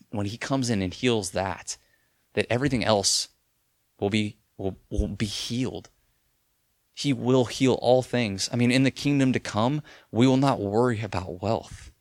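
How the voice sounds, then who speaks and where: A young man preaching in an earnest, conversational manner, circling back and restarting his phrases as he works through a point. His voice sits at an ordinary middle pitch. The sound is dry and close, with no room around it. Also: a bit bright, no echo. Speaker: pastor. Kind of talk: sermon.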